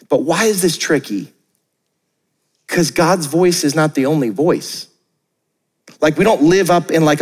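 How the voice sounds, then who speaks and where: A young adult male pastor preaching a sermon in a conversational, energetic way, with joking asides and quick acted-out quotes. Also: sits high, long reverb tail. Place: church auditorium.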